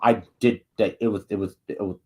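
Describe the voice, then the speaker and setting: A man co-hosting a podcast, chatting casually about movies, excitable, swearing a lot and acting out scenes. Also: fairly low pitch, brisk, husky. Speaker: podcast co-host.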